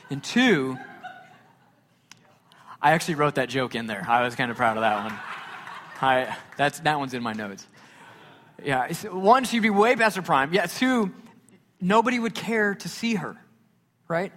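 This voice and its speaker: A man preaching a sermon as a pastor, emphatic and repetitive, swinging from loud declarations to hushed tones. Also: a little high, lively intonation, unhurried, pauses often. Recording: long hall reverb.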